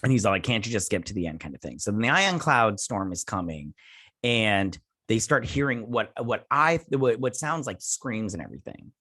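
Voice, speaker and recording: A man's voice: on the low side, very animated, moderate pace, pushed and bright, no room sound, studio quality. A man hosting a review channel, recapping an episode in a loose, rambling way with many fillers and restarts, now and then doing playful voices for the characters. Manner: rambling, hesitant, lots of filler words and restarts. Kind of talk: casual plot recap.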